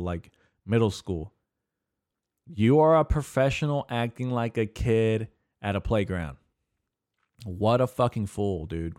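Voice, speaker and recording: A man's voice: fairly low pitch, no echo, clean studio sound. A man hosting a casual solo podcast, rambling and swearing heavily as he rants, full of fillers and restarts. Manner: profane, rambling, heavy swearing; filler-heavy, restarts often. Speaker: podcast host.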